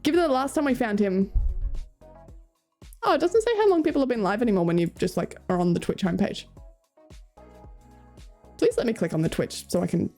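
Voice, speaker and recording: A woman's voice: mid-range voice, animated, fairly quick, pauses often, darkish tone. A young Australian woman streaming, chatting casually with her viewers in a playful, rambling way. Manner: playful, rambling, laughs often, swears. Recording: faint music behind.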